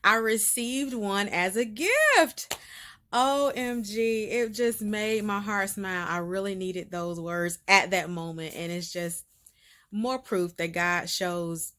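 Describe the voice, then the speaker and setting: A woman's voice: mid-range voice, slow, bright, forceful tone. A woman hosting her faith-based video series, giving a casual update straight to the camera. She talks in a bubbly, emphatic way, laughs often, repeats words for emphasis, and gets emotional enough that she is near tears.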